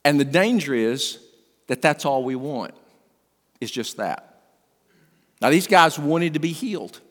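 Older guy pastor giving a sermon, earnest, goes loud then real quiet, slightly high voice. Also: lively intonation, a little slow. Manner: earnest, swings between emphatic and hushed. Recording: long hall reverb.

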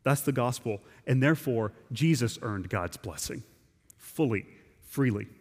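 A man's voice: medium pitch, expressive, measured pace. Preaching man in an echoing church. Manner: conversational, emphatic preaching with frequent restarts. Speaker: pastor. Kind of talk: sermon. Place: church sanctuary. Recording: long reverb of a church hall.

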